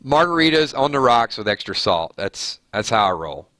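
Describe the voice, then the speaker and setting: A man's voice: mid-range voice, big pitch swings, normal speed, sharp tone, dry recording, clean studio sound. A man with a nasal voice hosting a live stream, chatting casually and reading viewer comments aloud with easy laughs.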